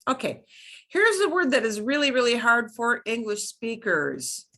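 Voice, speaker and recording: A middle-aged woman leads a beginner Spanish class, sounding out each word with slow, deliberate care. Her voice is bright and forward, and she takes her time. She repeats words patiently so learners can follow. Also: on the high side, very animated. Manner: slow, clear modeling of pronunciation. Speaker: Spanish teacher. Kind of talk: beginner language lesson.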